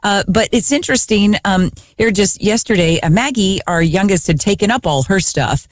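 Lively woman co-hosting a radio chat. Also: medium pitch, moderate pace, no room sound, studio quality. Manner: animated, laughing, mimics her kids. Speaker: radio co-host. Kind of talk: casual chat.

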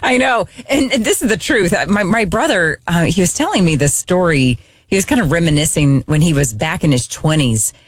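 A woman's voice: fairly low pitch, a little fast, slightly rough, no room sound. A woman co-hosting a radio show, telling a story in casual chat and acting out the people in it. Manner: animated storyteller, acts out quotes. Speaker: radio co-host. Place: radio studio.

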